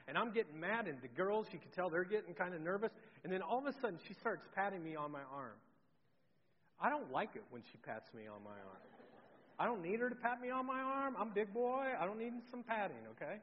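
A middle-aged male pastor with a notably high voice tells a story from the pulpit, moving from loud to hushed. His voice rings through a large church hall with a long reverb. The sound is dull and slightly muffled. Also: expressive, brisk. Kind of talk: sermon. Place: church sanctuary.

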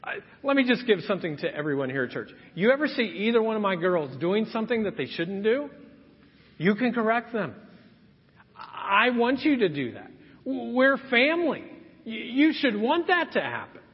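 A man's voice: sits high, normal speed, slightly rough. A man in his fifties preaching a sermon in a church, telling stories and acting out what people said. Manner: animated storytelling, acting out quotes. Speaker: pastor. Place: church sanctuary. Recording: muffled sound in a reverberant church hall.

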